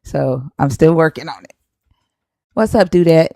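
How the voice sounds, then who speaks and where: A woman with a Southern US twang, talking loosely and warmly with her viewers on a live stream. Her voice sits a bit low and mellow, and the recording is close and dry. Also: lively intonation, unhurried, creaky, dry recording. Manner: chatty, laughs often, drawls at times. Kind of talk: casual live stream chat.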